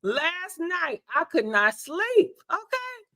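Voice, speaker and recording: A woman talking casually to her livestream viewers, calling them y'all and honey and laughing a lot. Her voice sits high and bright, roughened by a congested throat from being sick. The sound is close and dry. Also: slow pace, no room sound. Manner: chatty, animated, laughs often, addresses viewers as y'all and honey. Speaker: livestream host.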